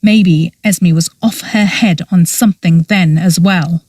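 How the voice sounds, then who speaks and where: A woman's voice: lowish voice, fairly even intonation, a little slow, a little mellow, husky, dry recording, far from the mic. A woman voicing a blunt, accusing young man. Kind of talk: audiobook character voice.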